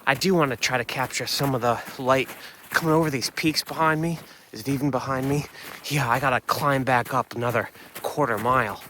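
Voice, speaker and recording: A man's voice: medium pitch, fairly quick, bright, forceful tone, a little hiss or hum. A man narrating a casual travel vlog to camera, thinking aloud in a loose, unsure, chatty way. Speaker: van-life vlogger.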